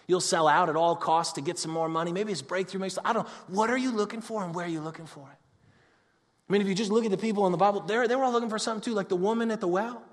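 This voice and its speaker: A man preaching a sermon in a conversational way, moving between loud excitement and hushed, intimate talk. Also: sits high, rapid-fire. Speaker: pastor. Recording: long hall reverb.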